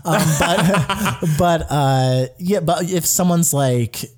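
A man's voice: a little high, slow pace. A young man co-hosting a podcast, chatting casually and telling stories with acted-out quotes. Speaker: podcast co-host. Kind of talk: casual chat.

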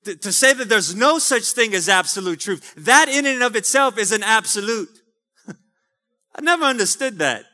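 A man's voice: sits high, expressive, normal speed, sharp tone, long reverb tail. A man pastor preaching a fervent sermon to his congregation, calling for amens. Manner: fervent preaching with calls of amen. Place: church sanctuary.

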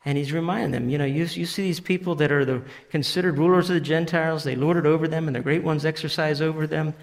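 A man's voice: on the high side, steady tone, fast talker, vocal fry. A man preaching a sermon in a conversational way, paraphrasing scripture and often restarting his sentences. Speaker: pastor. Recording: long reverb of a large hall.

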